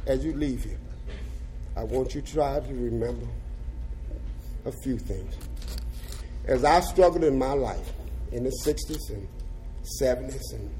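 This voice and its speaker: An older man giving an impassioned rally speech in colloquial, folksy phrasing, moving between shouted slogans and quiet reflection. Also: mid-range voice, slight background noise, low-quality recording. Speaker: activist speaker.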